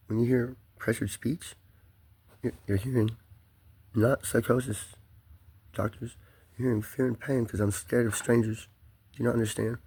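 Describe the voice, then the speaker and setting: A man talking straight to the listener in an emotional personal monologue, voice pitched in the ordinary middle for a man. He rambles and restarts under strain, stumbling over repeated words. Profanity runs all through his agitated speech. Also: a little mellow, breathy edge. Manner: agitated, rambling, swears often.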